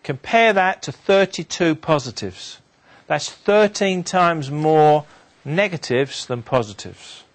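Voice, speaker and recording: Man telling a story to a crowd. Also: takes it slowly. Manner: animated storyteller, drops voice low and quiet for sad beats. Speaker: motivational speaker. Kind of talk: storytelling talk to an audience.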